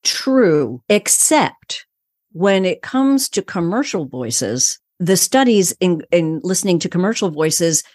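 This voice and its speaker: Calm older woman voice coach, dry sound. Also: lowish voice, takes it slowly, no room sound. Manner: calm, assured, explains in a teaching way. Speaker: voice coach guest. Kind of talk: interview answers, coaching advice.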